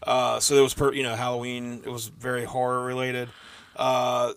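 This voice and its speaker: A man's voice: medium pitch, flat delivery, normal speed, a bit bright, clear, resonant tone. A middle-aged man co-hosting a podcast, chatting loosely with lots of fillers. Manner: loose, rambling, with many fillers. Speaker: podcast co-host. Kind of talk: casual chat.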